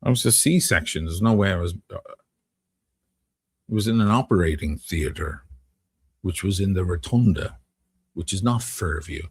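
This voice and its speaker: A man's voice: deep voice, moderate pace, long pauses, darkish tone, slightly rough. A middle-aged man from Dublin with a Dublin Irish accent, telling rambling, profane stories and answering viewers on a live stream. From Ireland. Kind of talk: casual live-stream storytelling.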